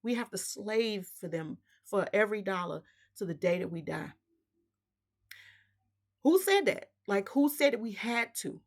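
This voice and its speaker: A woman with an expressive mid-range voice hosts her own spiritual vlog, speaking at a measured pace and pausing often. Her monologue is fiery and impassioned, full of emphatic rhetorical questions in casual slang.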